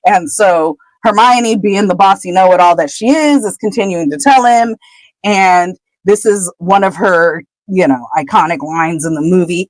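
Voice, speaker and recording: A woman co-host recaps a book chapter in loose, chatty talk, often laughing and brushing details aside. Her voice sits at an ordinary pitch and sounds dry and close to the mic. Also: animated, measured pace, dry recording, low-quality recording. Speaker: podcast co-host.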